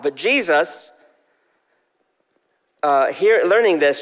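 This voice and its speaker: A man's voice: fairly high pitch, moderate pace, fairly bright tone, long reverb tail. A male pastor preaching a sermon in a conversational way, asking the congregation questions.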